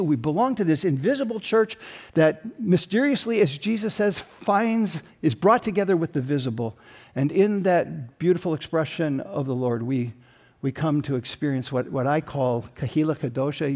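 A man as pastor preaching a sermon, telling a story and building to emphatic peaks, with frequent throat-clearing. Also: fairly high pitch, a little mellow.

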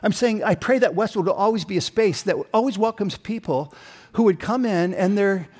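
A male pastor delivering a sermon in a voice that sits a little high for a man. He moves between quiet storytelling and rising, emphatic declarations, and clears his throat now and then. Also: moderate pace.

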